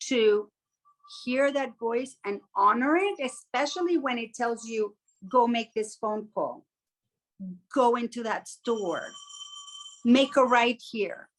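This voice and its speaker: Slow-talking woman podcast co-host. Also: a little high. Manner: reflective, acts out inner voices in quotes. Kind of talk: casual podcast chat.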